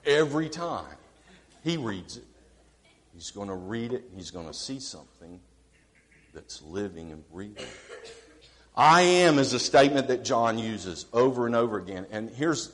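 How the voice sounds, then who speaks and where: Animated preacher in a reverberant hall. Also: male voice, on the low side. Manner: animated preaching, swings from quiet asides to emphatic declarations; chats with the congregation, asks them questions. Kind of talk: sermon.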